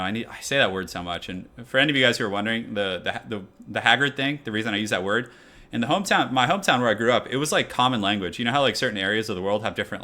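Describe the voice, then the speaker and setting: A man's voice: fairly low pitch, pushed and bright. Chatty young male game streamer. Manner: chatty, reads chat aloud, many fillers. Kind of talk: casual live-stream commentary.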